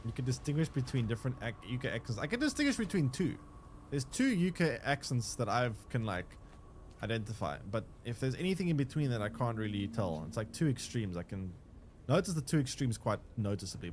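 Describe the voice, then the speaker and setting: A young man talks loosely over his gameplay stream, answering chat and trailing off into fillers. His voice swings up and down with lively pitch, and a faint background hum sits under it. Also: fairly quick. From South Africa. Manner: rambling, answers chat while playing, many restarts and fillers. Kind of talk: casual game livestream chat.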